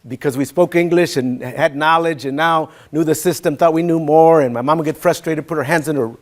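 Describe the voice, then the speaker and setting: A man's voice: a little high, brisk. Chatty man telling family stories. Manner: relaxed, chatty, many fillers. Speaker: keynote speaker. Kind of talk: personal storytelling speech.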